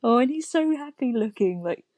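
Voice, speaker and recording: A woman's voice: a little high, lively intonation, moderate pace, a little mellow, dry recording. A woman chatting casually as a guest artist while drawing, giggly and playful.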